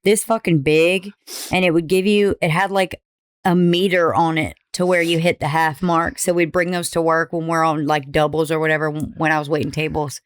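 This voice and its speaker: A young woman co-hosting a podcast in casual chat, easygoing and quick to laugh, with some casual swearing. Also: low voice, fairly even intonation, smooth, no echo, clean studio sound. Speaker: podcast co-host.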